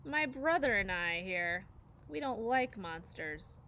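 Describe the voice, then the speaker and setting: A woman's voice: mid-range voice, animated, takes it slowly, sharp tone, a little hiss or hum, exaggerated voice. A woman voicing a bossy, sarcastic young female bear who bullies others in a storybook. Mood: sneering. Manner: sarcastic, menacing.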